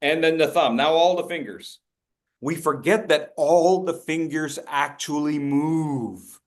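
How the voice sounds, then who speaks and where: Speaking slowly in a high voice, a man leads a public speaking workshop by video call, engaging participants by name and demonstrating gestures with playful voices.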